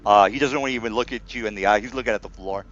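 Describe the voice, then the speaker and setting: Man, game master, rambling, bright edgy tone, dull lo-fi sound. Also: fairly low pitch, very fast, faint music behind. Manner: rambling, full of fillers and restarts. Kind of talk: narrating a tabletop game. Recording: dull lo-fi sound with faint noise.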